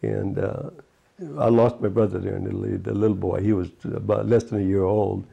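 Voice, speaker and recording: A man's voice: lowish voice, flat delivery, brisk, creaky, mellow, husky. A man in his eighties, a retired fisherman, recalling his childhood in a rambling oral history interview, full of "you know" asides. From United States. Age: 80s.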